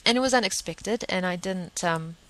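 Casting note: talkative woman, low-ish voice, rambling anecdote with lots of restarts. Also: moderate pace, fairly bright tone, poor audio. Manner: chatty, rambling, full of restarts and fillers. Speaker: vegan advocate telling a story. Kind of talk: casual monologue, anecdote.

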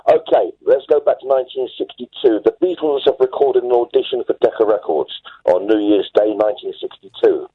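A man's voice: mid-range voice, brisk, breathy edge. Rambling male caller on a tinny phone line. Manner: enthusiastic, rambling, self-assured. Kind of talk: phone-in storytelling. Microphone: telephone.

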